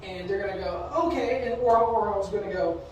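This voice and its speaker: A woman's voice: mid-range voice, fairly quick, a little mellow, a little hiss or hum. A woman co-hosting a casual podcast chat, telling stories with lots of animation and laughing through her own anecdotes. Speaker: podcast co-host. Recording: echoey room, far from the mic.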